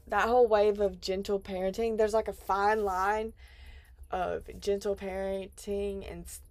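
Woman in her 20s, podcast host, loose chatty delivery full of fillers, gravelly fry, dry room. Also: medium pitch, no room sound. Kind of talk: casual chat.

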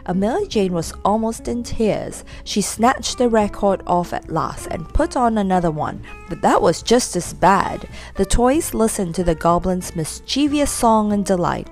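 A woman reading a children's story aloud in a lively, expressive way. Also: mid-range voice, unhurried, few pauses, faint music behind.

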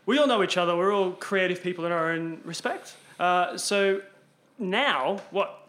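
A man's voice: sits high, moderate pace, a bit bright. A man hosting a podcast, chatting casually at a dinner table, laughing often and restarting his sentences. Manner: laughing, enthusiastic, talks in restarts. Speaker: podcast host. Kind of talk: casual chat.

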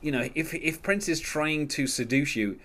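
A man's voice: fairly high pitch, normal speed, a bit bright. A man hosting a casual music podcast, rambling with many fillers and restarts and laughing often. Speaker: podcast host.

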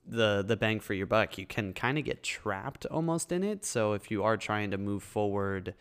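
Smooth-voiced, low man. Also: lively intonation, moderate pace, a bit bright. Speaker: actor and restaurant worker. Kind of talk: casual chat.

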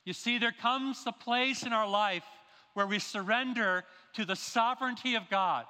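High, bright-voiced male preacher. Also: normal speed. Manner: emphatic preaching with rhetorical questions. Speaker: pastor. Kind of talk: sermon. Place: church sanctuary. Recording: long reverb of a large hall.

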